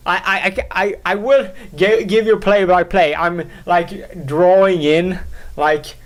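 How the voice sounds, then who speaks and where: A man hosting a solo podcast, talking in a rambling, halting way, full of fillers, restarts and self-mocking asides. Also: a little high. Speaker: podcast host.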